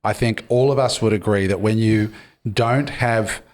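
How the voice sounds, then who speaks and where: A man hosts a podcast in a casual interview, speaking in a low voice. He is easygoing and keeps framing the talk for the listeners. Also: measured pace. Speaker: podcast host.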